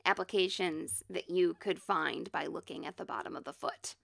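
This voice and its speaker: Chatty young woman with gravelly voice. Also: on the low side, lively intonation, moderate pace. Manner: chatty, laughs often, teasing. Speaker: podcast co-host. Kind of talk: casual chat.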